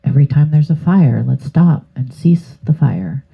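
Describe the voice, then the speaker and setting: A woman's voice: deep voice, lively intonation, normal speed, gravelly, slightly rough. A woman giving a casual tarot reading to her channel, rambling and hesitant with many fillers. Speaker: tarot reader. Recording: tinny phone-like sound.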